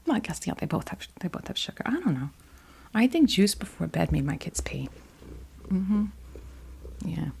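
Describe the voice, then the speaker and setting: A woman's voice: fairly low pitch, sing-song, moderate pace, vocal fry, pauses often, a little mellow, slight background noise. A woman in her fifties voicing a chatty, fussing grandmother from New Jersey on a video call, in whispered role-play. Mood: tender. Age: 50s.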